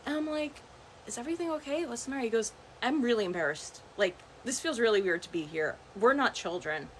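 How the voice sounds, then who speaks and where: A young adult woman telling a chatty, animated dating story, vlog style, full of "like" and "right?". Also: on the high side, brisk, a little hiss or hum. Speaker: vlogger.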